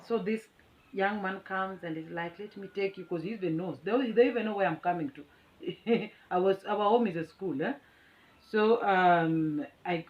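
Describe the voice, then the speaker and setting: A woman's voice: medium pitch, lo-fi sound. A middle-aged Kenyan woman, a teacher, vividly tells a story to a phone camera at home. She is boastful and dramatic and laughs often. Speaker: vlogger and teacher. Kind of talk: animated storytelling.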